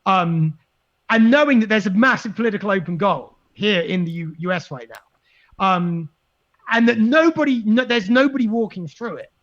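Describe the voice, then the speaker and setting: Male guest, high-pitched, excitable and emphatic, muffled lo-fi audio. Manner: animated, emphatic, repeats words while thinking. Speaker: guest, libertarian messaging expert. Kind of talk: casual podcast conversation. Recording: dull lo-fi sound.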